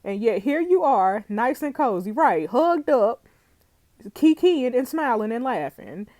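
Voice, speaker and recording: A woman's voice: medium pitch, expressive, a little fast, darkish tone, dry recording, natural voice. A woman reading the lines of a stern male police inspector pressing a suspect about her lies. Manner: firm, pressing.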